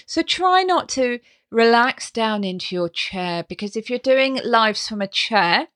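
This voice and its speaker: A woman who teaches voice talks through her tips at an unhurried pace, her pitch riding high and swinging widely. She sounds bubbly and encouraging, as if coaching her listeners on how to sound their best. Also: expressive, a bit bright. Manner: bubbly and encouraging, with playful vocal demonstrations. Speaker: voice coach and podcast host. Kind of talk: instructional podcast talk.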